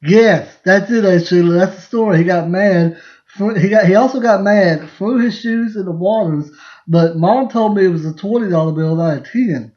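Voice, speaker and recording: This man's high-pitched voice has a warm tone and a moderate pace. Hosting a podcast over a casual live stream, he tells rambling family stories, laughing and restarting mid-sentence, with lo-fi, dull-sounding audio.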